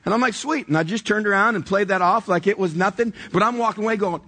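A middle-aged man preaching a storytelling sermon, animated and self-mocking, acting out dialogue from his past. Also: high voice, quick pace, a little hiss or hum. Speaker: pastor. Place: church stage before a congregation.

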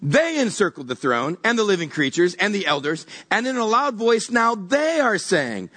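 A man with a husky, breathy voice set high for a man preaches in a relaxed, conversational way. He is animated and often repeats words as he searches for the right image. It sounds like an everyday sermon talk. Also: moderate pace, hardly any pauses. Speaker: pastor.

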